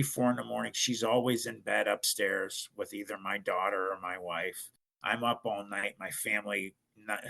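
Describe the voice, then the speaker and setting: A man's voice: lowish voice, gravelly, sharp tone. A middle-aged man, a podcast guest, earnestly telling a personal story.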